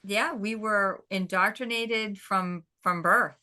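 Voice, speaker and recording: A woman's voice: medium pitch, steady tone, slow, pushed and bright. A woman guest talking casually about folk magic, forthright and prone to repeating words as she talks. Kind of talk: casual interview chat.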